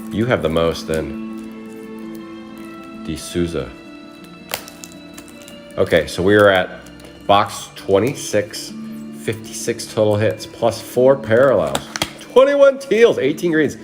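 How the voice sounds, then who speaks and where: A man's voice: low-pitched, takes it slowly, pauses often. A married man casually hosting a live trading card break, rambling and chatting with viewers by name while listing cards. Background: music.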